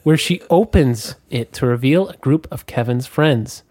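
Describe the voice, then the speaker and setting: A man's voice: medium pitch, unhurried, a little mellow, no room sound, studio quality. A man co-hosting a casual podcast, narrating a silly story with laughs and joking asides. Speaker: podcast co-host. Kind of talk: casual podcast chat, reading a story aloud.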